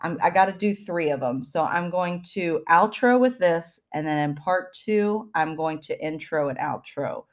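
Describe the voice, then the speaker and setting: A woman hosts a spiritual self-help podcast, speaking earnestly with lots of fillers and restarts, then reading affirmations slowly and deliberately. Her voice is fairly low and animated.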